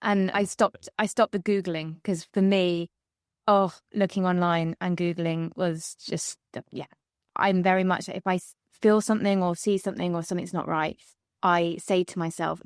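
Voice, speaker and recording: A woman hosting a podcast in a candid conversation, open and chatty, laughing easily with quick asides. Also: on the low side, fairly even intonation, smooth, dry recording, studio quality. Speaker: podcast host.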